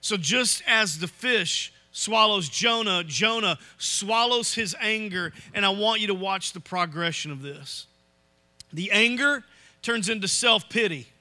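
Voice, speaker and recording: A pastor preaching a sermon in a church, animated and often checking in with "Okay?". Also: male voice, sits high, unhurried. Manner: animated, acts out quoted voices, asks "Okay?". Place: church sanctuary.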